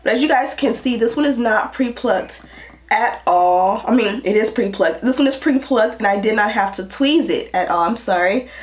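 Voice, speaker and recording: A congested woman with a cold, chatting casually as a beauty vlogger through a wig tutorial, with relaxed asides. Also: a little high, normal speed, soft background music.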